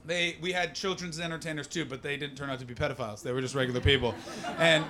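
An American man doing stand-up with crowd work, brash and profane, switching between muttered asides and loud rants in a comedy club. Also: fairly high pitch, steady tone, fast.

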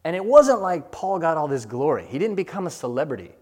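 A man's voice: fairly high pitch, very animated, fairly quick, darkish tone, husky. Preaching man in a reverberant hall. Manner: preaches in rhythmic lists, voicing imagined prayers. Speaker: pastor. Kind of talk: sermon.

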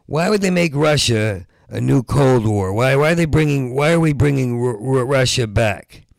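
Gravelly stuttering stand-up comic. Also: male voice, mid-range voice, expressive, moderate pace, dry recording, studio quality. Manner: rambling, stuttering restarts, rising into loud rants. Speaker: stand-up comedian. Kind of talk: stand-up comedy set.

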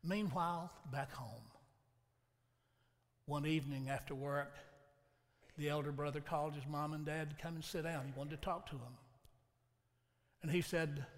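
A man's voice: fairly high pitch, steady tone, moderate pace, long pauses. A man preaching a sermon, telling a folksy, dramatic story and acting out the quotes himself. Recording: long hall reverb.

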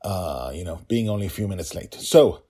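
A man, the author, reading his own story podcast with hurried, chatty asides. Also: low-pitched, animated, dark tone, slightly rough. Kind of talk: storybook narration with casual asides.

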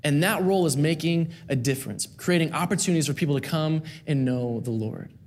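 Male preacher, high voice, earnest sermon delivery with rhythmic repeated phrases. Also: brisk, a little mellow, slight background noise. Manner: earnest, rhythmic repetition with rising emphasis.

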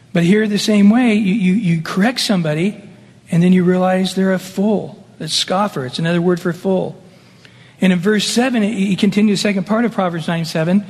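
A man's voice: high-pitched, darkish tone. A middle-aged man, a senior pastor, preaching a sermon in a conversational way, with laughing asides and acted-out quoted voices. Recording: long hall reverb.

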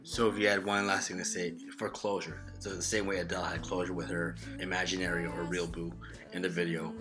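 A man's voice: low-pitched, flat delivery, fairly quick, over music. A man co-hosting a casual sports podcast, teasing and mock-dramatic. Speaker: podcast co-host.

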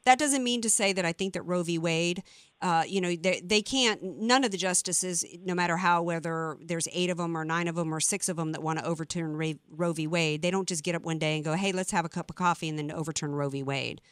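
A woman's voice: fairly low pitch, fairly quick, clear, resonant tone, no echo. A woman hosting a political talk radio show, talking in a fired-up, emphatic way with many restarts.

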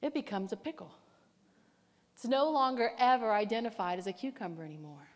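A woman preaching a sermon, her fairly high voice animated and emphatic as she tells a story. Her words ring out with a long hall reverb. She leans hard into key phrases. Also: brisk.

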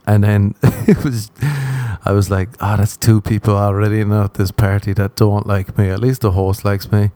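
A man's voice: fairly low pitch, normal speed, dry recording. Laughing Irish man telling a story. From Ireland. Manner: animated, acts out dialogue with frequent laughter. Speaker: podcast host. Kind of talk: casual comedic storytelling.

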